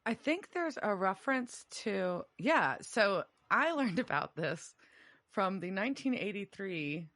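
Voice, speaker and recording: A woman's voice: medium pitch, big pitch swings, a little slow, fairly bright tone. A woman co-hosting a podcast, answering quiz questions in a laid-back, wry way and laughing easily. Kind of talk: casual podcast chat.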